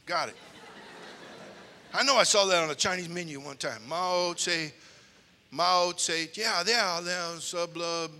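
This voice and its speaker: An older man preaching with humor, an animated storyteller with comic timing who slips into character voices. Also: sits high, a little slow, pauses often. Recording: long hall reverb.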